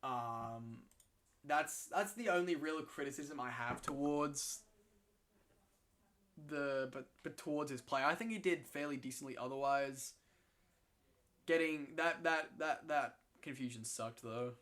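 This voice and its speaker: A man in casual game commentary, excitable and swearing freely, often restarting his sentences. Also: on the high side, unhurried. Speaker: co-host commentating league matches.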